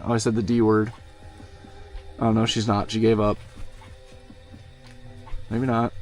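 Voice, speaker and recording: A young man chatting casually and slangily on a long gaming livestream from inside a van, often cooing to his dog. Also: mid-range voice. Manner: laid-back slangy, talks to his dog. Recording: music playing behind.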